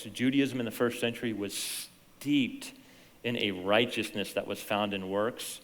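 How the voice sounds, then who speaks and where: A man preaching a sermon as pastor, telling stories in an animated way that swings from hushed to loud. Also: on the low side, a little slow, in a large hall. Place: church sanctuary.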